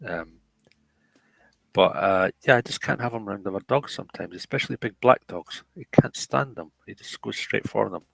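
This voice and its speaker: A middle-aged man talks in a loose, rambling way, restarting his sentences often. His voice is low and gravelly. The sound is dry and close. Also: a bit bright, no echo, rough recording. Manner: rambling, halting, many restarts. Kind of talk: casual chat.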